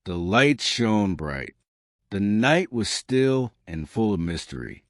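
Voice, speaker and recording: Man, storybook narrator, lowish voice, slow and measured, dry close recording. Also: very animated, clear, resonant tone, no room sound. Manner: plain short sentences, measured. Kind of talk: scripted storybook narration for English learners.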